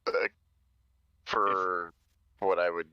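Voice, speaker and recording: Man, tabletop player, very deep but bright, casual and hesitant, dull dry mic. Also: little pitch movement, extremely slow, clear, resonant tone, dry recording. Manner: casual, hesitant, thinks aloud. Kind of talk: casual play over voice chat.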